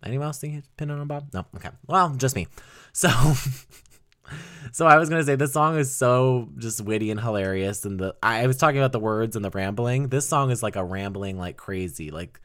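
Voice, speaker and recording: A man's voice: medium pitch, brisk, a bit bright. A young man hosting a podcast, talking casually and rambling about an album he loves, laughing often and swearing now and then. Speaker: podcast host. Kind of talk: casual music album review.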